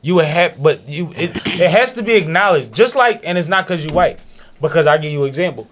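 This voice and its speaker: Male podcast co-host, higher voice, emphatic slangy explainer. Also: lively intonation, a little fast, a bit bright. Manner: bold, emphatic, explains with street slang and examples. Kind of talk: casual podcast banter.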